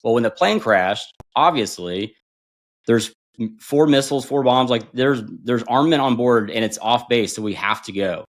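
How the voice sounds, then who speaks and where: A man in his forties, a podcast guest and former bomb disposal instructor, telling stories in a casual, animated way and acting out quotes. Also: moderate pace. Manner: animated, acts out quotes with big pitch jumps and laughs. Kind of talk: casual storytelling.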